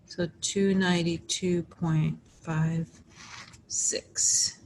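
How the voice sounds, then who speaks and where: A woman's voice: on the low side, flat delivery, slow, creaky, a little mellow, a little hiss or hum, poor audio. A tired woman teacher patiently talking through arithmetic step by step in a recorded math lesson. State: tired, yawning.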